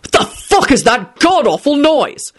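A woman's voice: sits high, sing-song, unhurried, voice pushed up. A woman voicing a grumpy, ill-tempered man who snaps and curses. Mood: furious. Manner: snapping, cursing, shouting.

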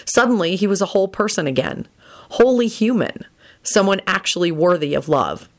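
A woman reading a romance story aloud in an expressive storytelling manner. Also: mid-range voice, moderate pace. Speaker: reader.

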